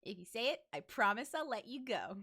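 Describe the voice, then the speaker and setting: Giggly streamer woman, lively high voice. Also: fairly quick, husky. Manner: giggly, teasing, playful. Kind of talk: casual teasing stream chat. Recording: faint music behind.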